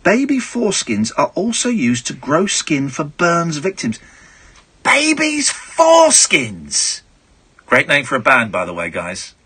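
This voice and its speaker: Lively, bright-voiced radio host. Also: male voice, fairly high pitch, normal speed, few pauses, husky. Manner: jokey, irreverent, animated. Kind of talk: late-night radio banter. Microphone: studio microphone.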